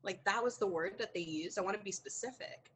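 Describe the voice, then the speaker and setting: A woman's voice: mid-range voice, fairly quick, slight background noise, low-quality recording. A woman as a podcast guest, telling a candid story with lots of acted-out dialogue and frequent laughter. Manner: animated, acts out quoted dialogue, laughs often.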